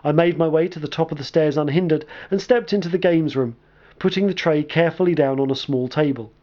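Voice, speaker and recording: A man's voice: a little high, a little fast, highs cut off. Wry man narrating a comic story. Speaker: storyteller and game reviewer.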